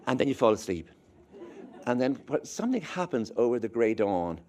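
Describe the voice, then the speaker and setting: Irish man, author giving a lecture, wry storyteller, halting delivery, mid-pitched voice. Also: big pitch swings, a little mellow. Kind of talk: anecdotal lecture.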